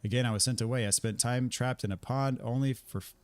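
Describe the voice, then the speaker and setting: A man's voice: mid-range voice, fairly even intonation, quick pace, no echo, natural voice. A man reading as a greedy cursed stone statue. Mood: scheming. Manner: smooth bargaining, reading game dialogue aloud.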